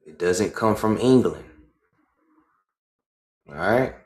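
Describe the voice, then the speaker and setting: A man's voice: fairly low pitch, expressive, roomy sound. A man hosting a livestream, reading a book aloud and stopping often to explain it in his own words, checking in with "right?". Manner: reads slowly, stops to explain and asks "right?". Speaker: livestream host.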